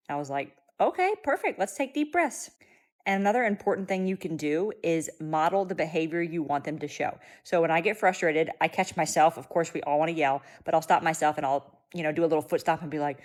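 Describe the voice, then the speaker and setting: Woman, young mom, low voice, direct and practical, casual how-to tips. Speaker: mom sharing cooking and parenting tips.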